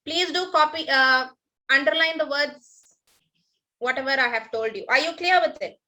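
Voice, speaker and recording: A woman's voice: sits high, normal speed, pushed and bright, low-quality recording. A woman teacher with an Indian English accent, giving an online class and patiently repeating each instruction with frequent "okay" and thanks.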